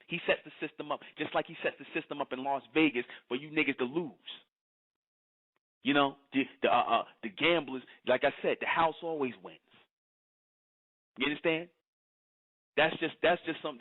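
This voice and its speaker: A man's voice: a little high, fairly quick. Preachy man on a tinny line. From United States. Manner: lecturing, keeps asking "you understand?". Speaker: commentator. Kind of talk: preachy monologue. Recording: tinny phone-like sound.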